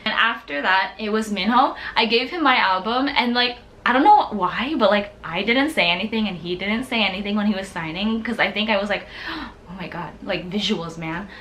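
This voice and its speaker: A young woman from the United States, telling a story in a casual vlog, excitable and gushing, with lots of "like.". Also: mid-range voice, a little fast, hardly any pauses, slight background noise. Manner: excitable, gushing, heavy use of "like". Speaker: vlogger.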